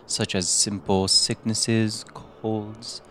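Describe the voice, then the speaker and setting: A man's voice: lowish voice, flat delivery, very slow, fairly bright tone, slight background noise. A man playing a doctor character in a tabletop game, speaking in a mock-formal, mannered way. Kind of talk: tabletop role-play.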